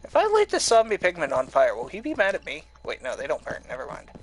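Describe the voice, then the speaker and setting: A man's voice: a little high, wildly swooping pitch, fast, slight background noise. A man playing a game with friends, wisecracking and blurting reactions. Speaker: co-player. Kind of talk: casual gaming chat.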